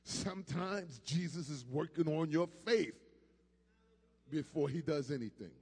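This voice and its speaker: A male preacher giving a call-and-response sermon that swings from quiet to shouting. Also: fairly high pitch, a little slow, breathy edge, long reverb tail.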